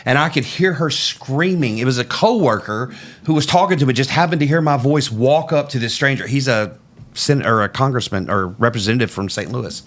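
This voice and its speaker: A man's voice: mid-range voice, brisk. Candid storytelling man, podcast guest. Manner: candid and animated, laughs at his own stories.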